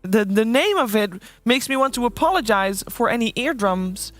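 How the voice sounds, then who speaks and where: A woman's voice: on the high side, expressive, moderate pace, faint music behind. A woman hosting a live esports panel and running a quiz, upbeat and laughing often.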